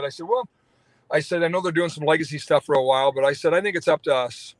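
A fast-talking man with a fairly high pitch and a steady tone, recorded without room sound, hosts a radio talk show. He rambles through a long phone-in story, restarting often and leaning heavily on fillers.

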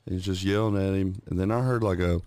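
A man's voice: low voice, fairly even intonation, quick pace, background noise. A man co-hosting a podcast in casual, swear-filled chat, telling stories and acting out the voices in them. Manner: swears constantly, acts out voices in his stories. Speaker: podcast co-host. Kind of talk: casual chat, crude storytelling.

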